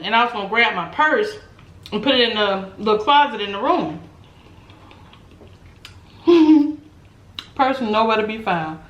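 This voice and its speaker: Animated woman telling a story, roomy echo. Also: fairly high pitch, measured pace, long pauses. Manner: animated, laughs often, acts out quotes. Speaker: mukbang vlogger. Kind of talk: casual storytelling chat. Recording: roomy echo, faint background noise.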